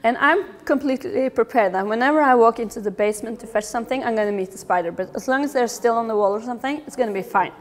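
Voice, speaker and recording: A middle-aged woman giving a lively public talk about children's behaviour, with humorous asides. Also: a little high, fast talker, few pauses. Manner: lively, acts out quoted voices, humorous asides.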